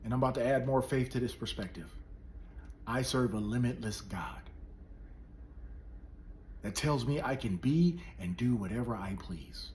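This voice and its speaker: Impassioned man swinging loud to whisper. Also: medium pitch, moderate pace, long pauses, slight background noise. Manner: swings from loud emphatic outbursts to hushed near-whispers. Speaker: police officer and public speaker. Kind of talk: impassioned motivational speech.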